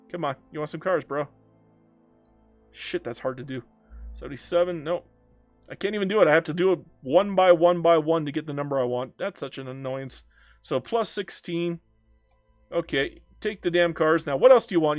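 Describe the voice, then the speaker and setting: A man's voice: fairly high pitch, normal speed, dry recording, soft background music. A young man giving goofy, teasing let's-play commentary, haggling aloud with the game and calling everyone bro. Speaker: strategy game player.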